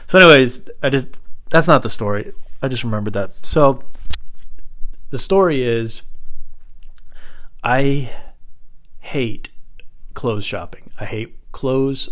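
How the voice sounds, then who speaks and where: Man, casual storyteller, rambling, animated, middle pitch. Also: takes it slowly, pauses often. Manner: rambling, animated, acts out quoted voices. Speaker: storyteller host.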